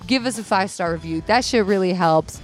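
A young adult woman hosting a podcast solo, chatting casually in an excitable, profane way. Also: mid-range voice, fairly quick, faint music behind. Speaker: podcast host.

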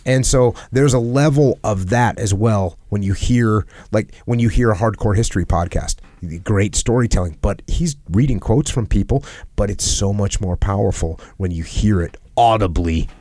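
A man's voice: fairly low pitch, normal speed, few pauses, mellow, no echo. A man hosting a podcast, talking earnestly in a reflective conversation and repeating phrases for emphasis. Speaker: podcast host. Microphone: headset.

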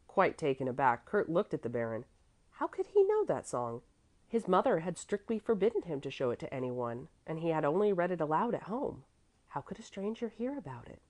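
A woman narrating a classic children's story as an audiobook in a steady, measured reading. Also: low voice.

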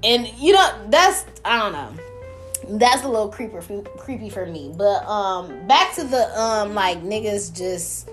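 A young woman hosting her own podcast, ranting bluntly and profanely in a casual, animated way. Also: on the low side. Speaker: podcast host. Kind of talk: casual solo podcast rant.

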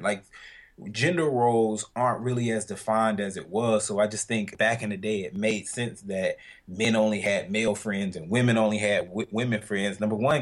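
A man's voice: on the low side, husky. A man with a Southern US accent co-hosting a podcast, telling stories in a loose, rambling chat with many fillers. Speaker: podcast co-host. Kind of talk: casual chat.

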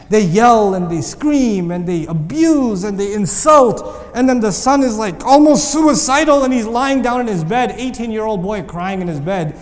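A man delivering a sermon, animated and acting out the voices of the people he quotes. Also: sits high, long reverb tail. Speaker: Islamic preacher.

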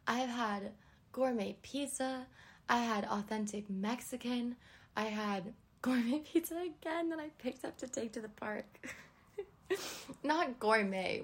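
A young woman with a slightly high voice talks on her own in a loose, rambling way. She hosts a casual solo podcast, drifts from one thought to the next and laughs easily as she goes. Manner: chatty, rambling, laughs often. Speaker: podcast host.

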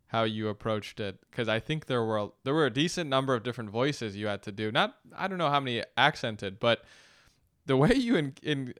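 An interviewer asking thoughtful, measured questions. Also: medium pitch, clear, resonant tone, no echo, studio quality.

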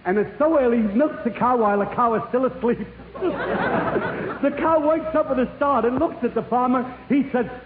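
High-voiced comedian on tinny old radio. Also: male voice, moderate pace, roomy sound, noisy background. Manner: chuckles at his own punchlines, mock-serious opera explainer. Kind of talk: stand-up comedy routine to an audience.

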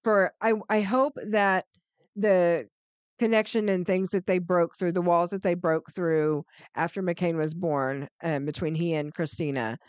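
A woman's voice: fairly low pitch, fairly even intonation, measured pace, clear, resonant tone, no echo. A woman co-hosting a podcast, chatting casually about reality TV, agreeable and frank in her opinions. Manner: agreeable, frank, many "mm-hmm"s. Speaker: podcast co-host. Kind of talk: casual chat recapping reality TV.

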